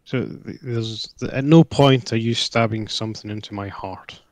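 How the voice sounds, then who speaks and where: A man playing in a tabletop role-playing game, playful and quick to laugh. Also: fairly low pitch, no echo. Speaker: player.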